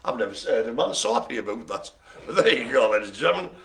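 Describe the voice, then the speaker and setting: A man's voice: mid-range voice, very animated, fast talker, creaky, a bit bright. A man hosting a live bingo game, joking and rambling in playful banter. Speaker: host.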